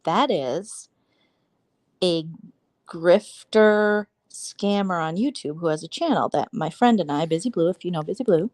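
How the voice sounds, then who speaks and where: A woman vlogger chatting casually on a late-night live stream from home on her phone, giggly and quick to react dramatically. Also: fairly low pitch, a little mellow, no echo, clean studio sound. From Southern California. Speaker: vlogger hosting a live chat. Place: at home, settled somewhere comfy.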